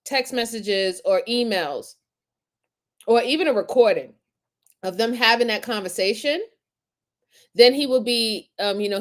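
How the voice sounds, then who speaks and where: A woman hosting a live stream, reacting to crime footage with animated, indignant commentary and talking to her chat viewers. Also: on the high side. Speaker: host reacting to crime videos.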